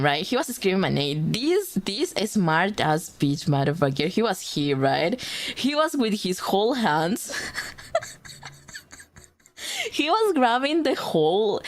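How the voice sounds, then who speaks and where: A young adult woman streamer in casual livestream chat, telling a rambling story full of swearing and laughter while greeting viewers. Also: medium pitch.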